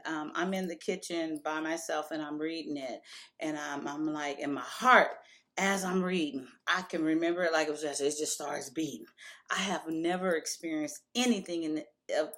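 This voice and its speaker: A woman telling a personal story to camera in a candid, casual way, stopping and restarting as she remembers. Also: sits low. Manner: candid, emotional retelling with frequent restarts.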